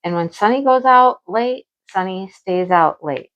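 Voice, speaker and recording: A woman chatting casually at home as a crafting vlogger, animated and talkative, acting out her own past remarks. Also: medium pitch, measured pace, dull audio. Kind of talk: casual chat about crafts and home life.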